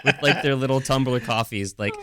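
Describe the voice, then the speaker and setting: A man's voice: mid-range voice, brisk, pushed and bright. A young adult man co-hosting a podcast, telling stories in casual chat and acting out what people said. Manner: storytelling with laughs and acted-out quotes. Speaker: podcast co-host.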